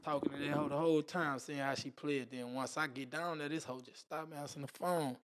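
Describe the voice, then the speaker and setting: A man's voice: fairly high pitch, fairly even intonation, brisk, background noise. A man telling a wild story as a podcast guest, with casual, profane slang and spoken sound effects.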